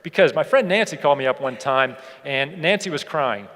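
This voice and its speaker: A man giving a motivational keynote speech to an audience. He asks them rhetorical questions and slows down to stress key points. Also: a little high, expressive, a bit bright. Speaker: keynote speaker. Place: large hall on stage. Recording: long hall reverb.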